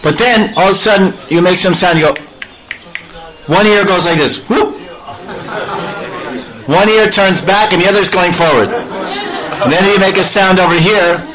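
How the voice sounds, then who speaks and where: A man giving a devotional storytelling sermon, playful and animated, acting out sounds and laughing often. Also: sits high, moderate pace, pauses often, a faint crowd, poor audio. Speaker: spiritual storyteller.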